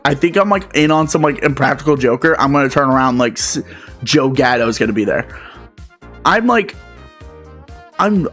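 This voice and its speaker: A man in his twenties telling a story as a rant, animated and profane, with lots of filler words. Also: a little high. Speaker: vlogger.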